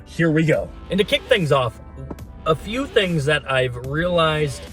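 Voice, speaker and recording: A man's voice: a little high, fairly bright tone. A man hosting a casual explainer video, talking plainly with frequent fillers and restarts. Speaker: host.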